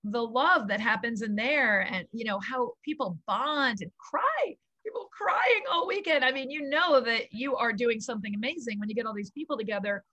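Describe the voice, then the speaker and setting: A middle-aged woman, a yoga founder, tells stories in an animated, gushing way and laughs often. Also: fairly high pitch, moderate pace, hardly any pauses, no echo, muffled recording. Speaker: guest, kids yoga founder. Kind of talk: casual storytelling interview.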